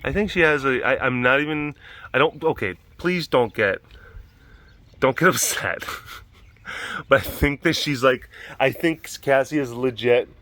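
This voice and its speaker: A man hosting a casual vlog at a wild animal facility, talking in an animated way, laughing often and restarting his sentences. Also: mid-range voice, unhurried, pauses often, dry recording.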